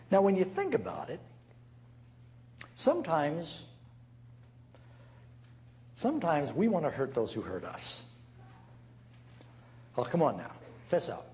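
A man's voice: a little high, wildly swooping pitch, a little slow, pauses often, a little mellow, highs cut off, slight background noise. A man preaching as a pastor, telling stories and acting out the people he quotes. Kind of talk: sermon.

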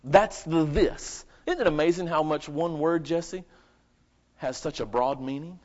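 A man preaching a live sermon at a church service, swinging between loud emphatic bursts and quiet asides and asking the congregation questions. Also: on the high side, unhurried. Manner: asks the congregation rhetorical questions. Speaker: pastor. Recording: lo-fi dull recording.

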